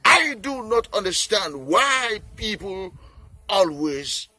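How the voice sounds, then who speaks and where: A Nigerian man makes a heartfelt appeal for peace, pleading and repeating himself as he goes. His voice sits high and rises and falls a great deal. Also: big pitch swings, slow pace, sharp tone. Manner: pleading, repetitive, earnest. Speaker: peace campaigner. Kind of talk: impassioned appeal speech.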